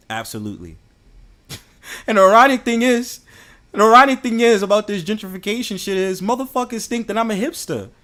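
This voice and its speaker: A young man with a New York accent, ranting in a casual, profane and animated way to his live chat. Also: high voice. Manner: profane, animated, heated and joking. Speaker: host.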